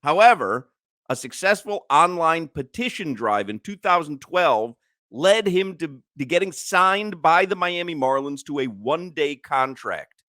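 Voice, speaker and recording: A man's voice: on the high side, animated, a little slow, sharp tone, dry recording. A man co-hosting a sports radio show, telling rambling stories in casual banter with many fillers, close on a studio microphone. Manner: rambling storyteller, thinks aloud with fillers.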